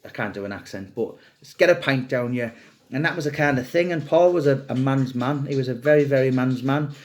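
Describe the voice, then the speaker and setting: A man's voice: mid-range voice, fairly quick, darkish tone. A middle-aged man, an author, talking in a casual interview with many restarts and fillers. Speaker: author discussing a book subject.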